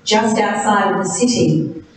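A woman narrating a Bible story in a slow, deliberate way, in short phrases. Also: medium pitch. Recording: very echoey room, distant mic, faint hiss.

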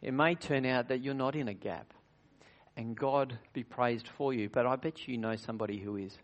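A man's voice: medium pitch, moderate pace, highs cut off. Earnest man preaching a communion sermon. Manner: earnest, varies loudness widely, drops to near-whisper at times; frequent restarts and rhetorical questions. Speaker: pastor.

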